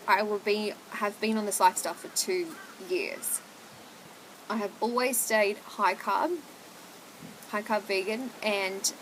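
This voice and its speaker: A young woman vlogs candidly to camera at home, chatting in a confessional way full of "like" and "oh my God." Her voice is medium-pitched, and there's background noise.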